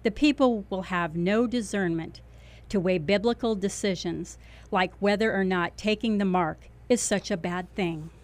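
A woman delivering a fervent religious warning as a self-styled watchman, declaiming with heavy emphasis and dropping low on key words. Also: a little slow. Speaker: self-described watchman preacher.

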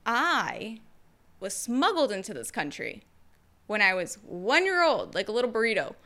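Young woman, bright clear voice, slightly high, energetic storytelling, expressive, playful asides. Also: moderate pace. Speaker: vlogger sharing her story. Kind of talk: casual personal storytelling to camera.

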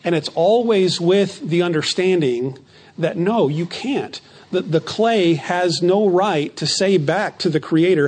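A man preaching a sermon as pastor, slowing down to stress key phrases and often repeating words as he starts a thought. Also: sits high, darkish tone.

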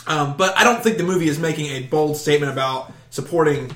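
A man co-hosting a podcast, talking through a movie quickly and hesitantly. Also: on the high side. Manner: fast and hesitant, trails off quieter. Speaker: podcast co-host. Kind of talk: casual movie discussion. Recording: roomy echo.

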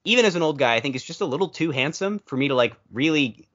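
A podcast co-host rambling through a movie chat with a lively, swooping delivery. The audio is dull and lo-fi. They tell long stories and drop into playful quoted asides. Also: mid-range voice, quick pace.

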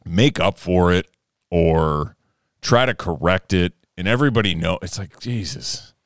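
A young man co-hosting a podcast, chatting casually and telling stories, animated and swearing freely, shouting when he acts out his anger. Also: low-pitched, unhurried, no echo, clean studio sound. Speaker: podcast co-host. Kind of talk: casual chat, storytelling.

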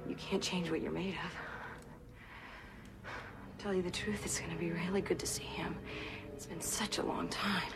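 A woman's voice: on the low side, normal speed, close to an everyday voice. Actress as a menacing ex-spy woman. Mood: menacing whisper. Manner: taunting, drops to a menacing whisper. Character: ruthless female ex-spy, cold and menacing.

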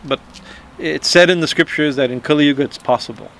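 A man giving an informal spiritual talk, halting and repeating himself, often checking in with a quick "right?" and chuckling as he explains. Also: a little high, vocal fry, fairly bright tone, a little hiss or hum. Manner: halting, repeats words, frequent "right?" asides. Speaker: spiritual teacher.

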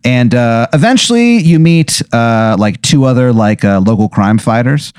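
A man on a comedy podcast, telling a wild improvised story at a mid-range pitch. He rambles through it, piling on "like" and "uh" and plenty of swearing. His voice is close and dry, with no room around it. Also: animated, moderate pace, darkish tone, clear, resonant tone, dry recording. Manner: rambling delivery full of fillers and profanity. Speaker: podcast guest.

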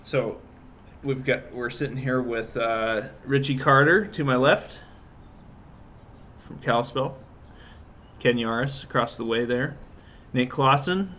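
A man's voice: medium pitch, slow, long pauses, pushed and bright. Hesitant man hosting a podcast. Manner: hesitant, filler-heavy. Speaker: podcast host. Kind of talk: casual podcast chat. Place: gallery table with friends.

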